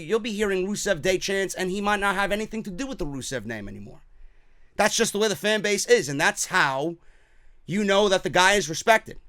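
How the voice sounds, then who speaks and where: A man's voice: fairly high pitch, fairly bright tone, smooth, no echo. A man with a New York accent hosting a wrestling talk show, giving blunt, profane, emphatic opinions in casual commentary.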